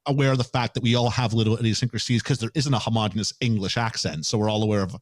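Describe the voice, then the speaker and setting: A man from Canada talking as a podcast guest in casual chat, explaining things quickly and restarting his sentences often. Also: on the low side, dry recording, studio quality. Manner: fast, animated, explanatory talker with many restarts.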